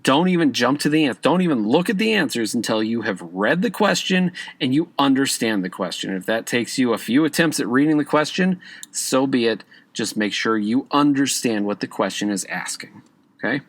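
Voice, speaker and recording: A man's voice: mid-range voice, animated, moderate pace, no room sound. Conversational man teaching test tips. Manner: conversational, repeats "okay?" to check in with listeners; stresses key words with emphatic rises. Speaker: podcast host and exam prep teacher. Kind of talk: casual instructional podcast talk.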